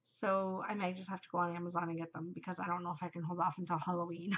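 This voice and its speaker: A woman's voice: on the low side, little pitch movement, fast talker, a bit bright, lo-fi sound, a little hiss or hum. A middle-aged woman hosting a podcast, chatting casually and giggling, easily distracted. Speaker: podcast host. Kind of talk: casual chat to camera.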